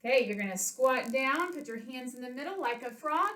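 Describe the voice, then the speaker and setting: A woman's voice: sits high, expressive, normal speed, few pauses, fairly bright tone. A woman, an elementary school PE coach, leading children through a home workout, counting reps aloud and explaining in simple words while a little out of breath. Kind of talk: home workout lesson for kids. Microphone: webcam from across the room. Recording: roomy webcam sound from a distance.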